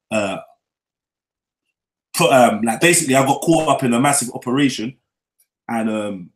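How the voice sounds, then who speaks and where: A young man tells his life story in a relaxed, unscripted way. He uses loose street slang and keeps checking in with the listener. His voice sits in an average range and carries a noticeable room echo. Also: mid-range voice. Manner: loose London street slang, frequent "you get me?" tag. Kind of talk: casual storytelling. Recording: echoey room.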